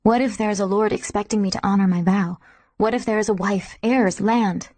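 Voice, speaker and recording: Woman reading a brooding young warrior guy in an audiobook, deep rough voice, kinda husky. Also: steady tone, brisk, mellow, no echo, natural voice. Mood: troubled.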